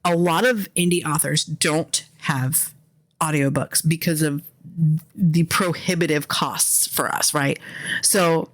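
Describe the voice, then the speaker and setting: A woman's voice: low-pitched, slow pace, no echo. An American woman and indie author hosting her show, talking in a casual, profane rant that keeps interrupting itself. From American, Philadelphia area. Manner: profane, animated, self-interrupting. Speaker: indie author and podcast host. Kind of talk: casual ranting monologue.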